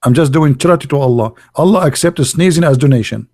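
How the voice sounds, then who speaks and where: A man talking in a casual, sarcastic monologue, full of halting fillers and mockery. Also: a little high, a little mellow, dry recording, studio quality. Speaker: online religious debater.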